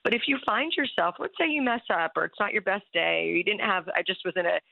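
A woman's voice: medium pitch, lively intonation, fast talker, creaky, dry recording. A woman speaking as a guest coach in casual, earnest conversation, laughing often. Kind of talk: casual chat. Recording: phone-line call-in sound.

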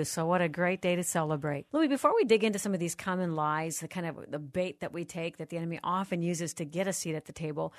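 A woman hosting a radio interview, with a voice on the lower side for a woman. She is effusive and warmly affirming, and the studio sound is dry. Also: no room sound. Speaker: radio show host.

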